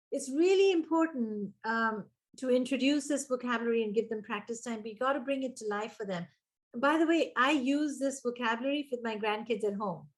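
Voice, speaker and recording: A woman's voice: fairly high pitch, a little fast. An older woman coaching teachers in a webinar, engaging her audience with questions and repeating key words for emphasis. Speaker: early childhood education coach. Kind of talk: webinar presentation.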